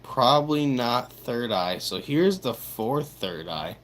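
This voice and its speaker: A man's voice: mid-range voice, expressive, slow pace, fairly bright tone. A young man chatting casually on a livestream, laid-back and swearing, reacting to his chat.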